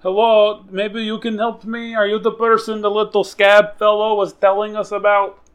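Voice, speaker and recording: A man's voice: high voice, monotone, moderate pace, fairly bright tone, clean tone. A man playing a tabletop role-playing game, goofy and joking in character. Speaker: player.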